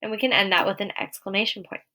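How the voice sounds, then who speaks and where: Bright, encouraging woman teacher. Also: medium pitch, steady tone. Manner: clear, encouraging, slows to read example sentences aloud. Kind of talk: recorded video lesson for young children.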